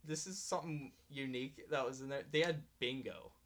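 A chatty man co-hosting a casual podcast, with a bright, forceful voice. He rambles, fills pauses with "like" and "um", and laughs often as he tells stories. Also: mid-range voice. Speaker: podcast co-host. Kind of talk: casual chat.

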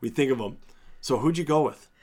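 A man's voice: mid-range voice, brisk. A man chatting casually and playfully about movie casting, with jokes and bursts of enthusiasm. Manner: animated, playful, jokey. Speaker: podcast co-host.

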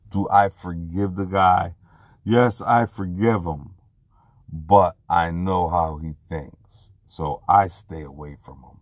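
Deep gravelly man with halting, earnest speech. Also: no echo, studio quality. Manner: earnest, halting, with many restarts and repeated words. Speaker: person giving a testimony. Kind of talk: personal testimony, unscripted talk.

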